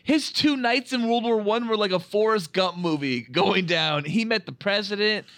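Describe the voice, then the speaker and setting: A male podcast host chats about a movie in an animated, joking way and swears freely. His voice sits fairly high and sounds bright and forward. The recording is close and dry. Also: moderate pace, no echo. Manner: animated, profane, jokey. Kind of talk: casual film review chat.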